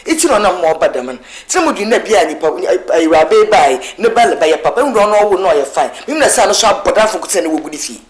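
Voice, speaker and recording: A woman with a Ghanaian Twi accent playing a mother who scolds her son in a lively, sing-song way. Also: on the low side, fast talker, few pauses. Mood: scolding. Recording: film audio over loud music.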